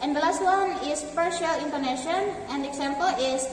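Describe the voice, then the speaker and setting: A young woman giving a class presentation, reading out example words slowly one by one. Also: sits high, slight background noise. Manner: reads examples slowly, word by word. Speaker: student presenter. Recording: echoey room from far off.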